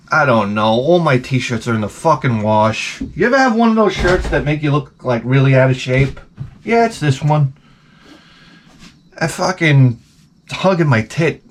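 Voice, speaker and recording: A man's voice: medium pitch, slight background noise. A middle-aged man ranting profanely and animatedly as he tells a comedic story to his camera at home. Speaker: vlogger.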